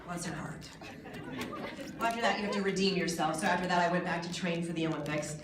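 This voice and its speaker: An American woman in her forties gives a keynote speech to a crowd in a hotel hall, with a voice that sits a little low for a woman. She tells her story in a jokey way and pokes fun at herself. She is heard from some way off the mic, and the hall gives her voice a lot of echo. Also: fast, heavy background noise. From United States. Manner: jokey, self-mocking storytelling. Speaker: guest speaker. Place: large hotel event hall. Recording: echoey hall from a distance.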